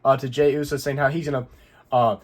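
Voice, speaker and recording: A man running a wrestling recap channel talks casually through the action, rambling and correcting himself as he goes. His mid-range voice barely moves in pitch, and he speaks a little fast.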